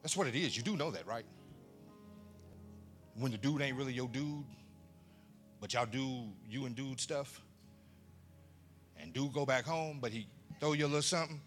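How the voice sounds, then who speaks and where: A man's voice: medium pitch, moderate pace, pauses often, soft background music. A man preaching to a live audience, telling funny family stories, acting out voices and questioning the crowd. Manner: animated storyteller who acts out family voices and quizzes the crowd. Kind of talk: storytelling sermon to a live audience.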